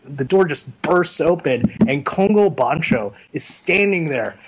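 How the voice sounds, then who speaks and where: A young man being interviewed, chatting casually and telling stories in a rambling, animated way full of fillers. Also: a little high, unhurried, husky, poor audio. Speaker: interview guest. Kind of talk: casual chat.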